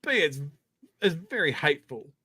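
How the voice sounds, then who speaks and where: Animated New male co-host. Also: on the high side, normal speed, husky, dry recording. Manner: animated and emphatic, with repeated words. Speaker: podcast co-host. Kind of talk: casual political chat.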